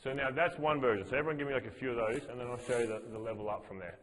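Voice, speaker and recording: A man's voice: mid-range voice, steady tone, very fast, a bit bright, long reverb tail, poor audio. A man teaching as a fitness master trainer, explaining movements to a group step by step and repeating his cues. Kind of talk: coaching a group workshop.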